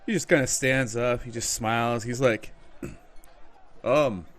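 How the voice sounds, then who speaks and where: A man talking softly and in a laid-back way as a player in a tabletop game. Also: medium pitch, fairly even intonation, moderate pace. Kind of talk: casual tabletop play.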